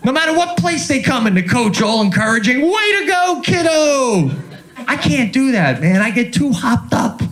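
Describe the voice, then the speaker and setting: Animated middle-aged comedian on stage. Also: male voice, very high-pitched, a little fast, few pauses. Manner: animated, does exasperated impressions. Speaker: stand-up comedian. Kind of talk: stand-up comedy set. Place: club stage with a laughing audience. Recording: live stage recording with crowd laughter.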